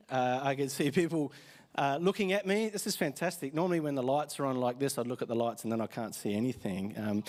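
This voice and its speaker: A tired-sounding Australian pastor with a mid-range voice chats through a relaxed sermon on a church stage. He tells stories, often using fillers and restarting his sentences.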